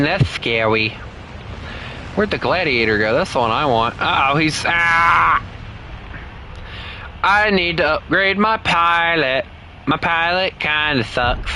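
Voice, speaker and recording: A man's voice: a little high, slight background noise, poor audio. A young man, chatting casually and ranting while he plays a game from his home setup. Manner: loose, rambling, swings into loud frustrated outbursts. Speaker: gaming streamer. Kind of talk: casual gameplay commentary.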